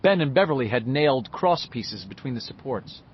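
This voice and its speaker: Male narrator, lively varied delivery, slightly dull lo-fi audiobook take. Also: medium pitch, moderate pace, slight background noise. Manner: lively, expressive reading. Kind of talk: scripted narration.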